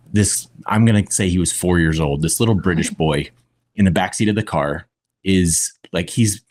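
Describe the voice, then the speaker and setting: A man guest on a podcast, speaking in a reflective, deliberate way with long pauses. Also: deep voice, a little mellow, slight background noise. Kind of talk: conversational podcast talk.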